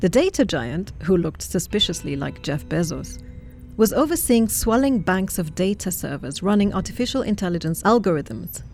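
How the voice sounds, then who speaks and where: A woman narrating a storybook tale in a steady, lightly wry way. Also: lowish voice, normal speed, soft background music.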